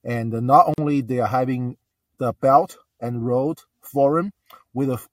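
A man calling in to a talk show, speaking earnestly and haltingly, with many pauses and fillers. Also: mid-range voice, dry recording, distant mic. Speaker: caller. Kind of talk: casual call-in talk.

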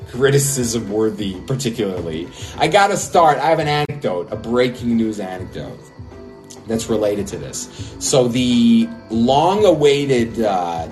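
A man hosting a casual podcast, laughing often and rambling with many fillers. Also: lowish voice. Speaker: podcast host.

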